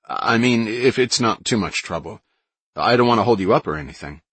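A man's voice: on the low side, lively intonation, brisk, fairly bright tone, breathy edge, no room sound, voice pushed up. A man reading an eager young man who asks earnest, hesitant questions, in an audiobook.

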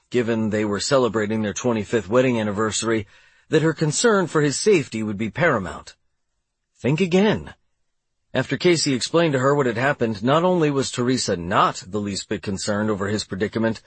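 A man reads a first-person audiobook with a wry, sardonic delivery. His voice sits at an average pitch with a husky texture, and the recording is dry and close. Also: no room sound. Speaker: audiobook narrator.

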